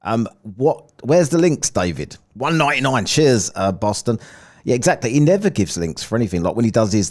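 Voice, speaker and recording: A man's voice: mid-range voice, big pitch swings, brisk, a little mellow. A man hosting a live stream, mocking and swearing freely. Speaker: host reacting to a stream. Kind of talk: casual live commentary.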